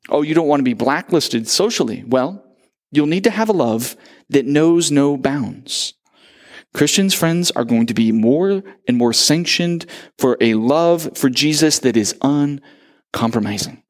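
A pastor with a fairly high-pitched voice preaches a sermon at an unhurried pace. He tells stories with animation and acts out the quotes.

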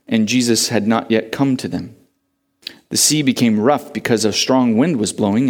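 A man preaching a sermon as pastor, asking rhetorical questions with big rises and drops in pitch and slowing down to read scripture.

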